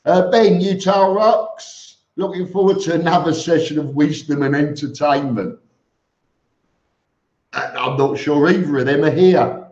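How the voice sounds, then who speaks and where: Male live-stream host, slow and chatty, in an echoey room, muffled lo-fi sound. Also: fairly high pitch, a little mellow. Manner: greets viewers by name, chatty. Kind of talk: casual live stream chat reading comments. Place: home room with fans on.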